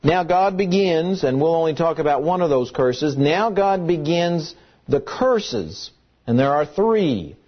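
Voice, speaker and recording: A man's voice: fairly high pitch, expressive, a little slow, dull audio. A man preaching a sermon in an emphatic way, reading scripture and repeating key words for stress. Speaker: pastor.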